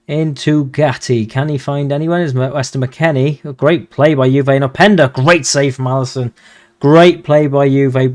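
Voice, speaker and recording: A man giving casual, excitable commentary over a football management game, swearing when he gets frustrated. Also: medium pitch. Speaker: video game streamer.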